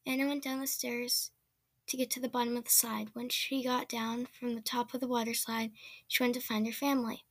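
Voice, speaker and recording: A woman's voice: on the high side, level tone, a little fast, no echo. A woman reading a children's story aloud in a plain way, with small slips and restarts. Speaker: reader.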